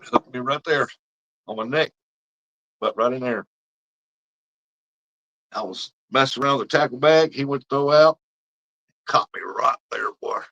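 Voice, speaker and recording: A man's voice: mid-range voice, unhurried, pauses often, sharp tone, dull audio. A middle-aged man, rambling through fishing stories as he chats with viewers on his livestream. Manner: folksy rambling storyteller. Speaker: livestream host. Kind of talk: casual chat with viewers.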